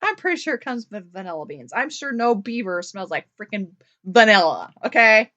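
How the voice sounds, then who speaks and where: A woman co-hosting a casual chat show, animated and quick to exclaim and laugh loudly. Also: medium pitch, no echo. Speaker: podcast co-host. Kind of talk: casual chat, reading a news item aloud. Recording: dull lo-fi podcast audio.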